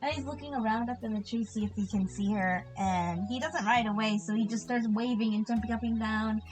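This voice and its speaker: A woman playing in a tabletop game, describing her character's actions in a lively way. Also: a little high, fairly quick, soft background music, low-quality recording. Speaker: player.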